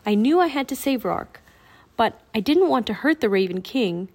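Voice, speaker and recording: A woman's voice: on the high side, sing-song, moderate pace, darkish tone. Woman reader voicing a thoughtful young boy, earnest, mild.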